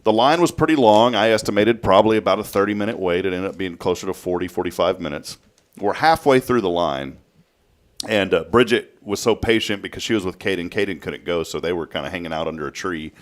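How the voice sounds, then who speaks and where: A man, hosting a morning talk show from a local studio. His low voice swings widely in pitch as he tells a story with animated energy, now and then acting out voices. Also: brisk. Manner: animated storytelling, acts out a child's voice. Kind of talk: casual studio chat.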